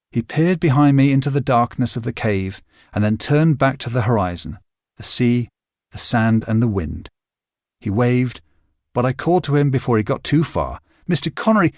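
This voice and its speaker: A man performs scripted audiobook narration of a novel, steady in pace yet expressive as a storyteller. Clean studio sound with no echo captures his mid-range voice.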